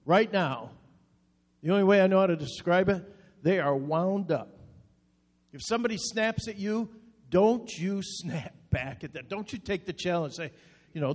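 A man's voice: high-pitched, darkish tone. A man preaching a sermon as pastor, making earnest, direct appeals in short repeated phrases. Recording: long reverb.

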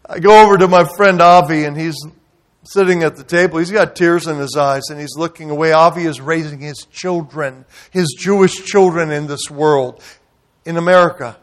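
Preaching as a visiting pastor, this man tells a dramatic story in church, moving between loud outrage and quiet tenderness. His pitch sits on the high side, his tone stays steady, and his speed is normal.

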